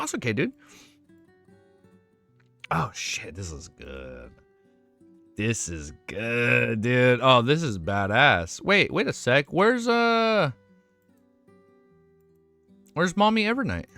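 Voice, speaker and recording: Reacting to fan art on a live stream, a male streamer chats casually, excitable and quick to swear, his bright voice swinging widely in pitch. The mic is close and dry with no echo, and faint music plays underneath.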